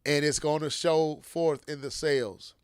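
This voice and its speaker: A man co-hosting a gaming podcast, talking in an excitable, playful and slangy way. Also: a little high, a little slow, clear, resonant tone, no room sound, clean studio sound. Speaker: podcast co-host. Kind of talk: casual gaming chat.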